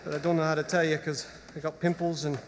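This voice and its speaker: Man doing a high-voiced stammering teenage boy, blunt and awkward, musical stage acting, big echoey hall with music. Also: little pitch movement, quick pace, a little hiss or hum, lightly acted. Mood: shy. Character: shy scruffy working-class teenage boy, awkward with girls.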